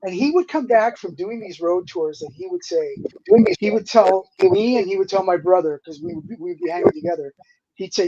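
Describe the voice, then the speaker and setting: A man around sixty, a guest musician telling stories in a casual interview, animated and laid-back, with lots of "dude" and "you know". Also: high-pitched, moderate pace, gravelly, slight background noise. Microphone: remote streaming call. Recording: dull, slightly lo-fi dry audio.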